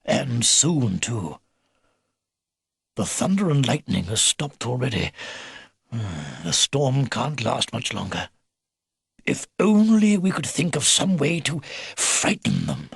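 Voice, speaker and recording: A man voicing an elderly male beaver, a steady, fatherly grandfather who breaks his orders with small hesitations. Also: fairly high pitch, a little slow, creaky, slightly rough, no echo, studio quality, heavily acted. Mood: hushed.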